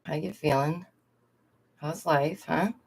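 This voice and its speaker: Chatty young woman livestreaming, low voice. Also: takes it slowly, creaky, breathy edge. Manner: chatty, laughs often, addresses viewers directly. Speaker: streamer and art teacher. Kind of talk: casual livestream chat. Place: indoors at home.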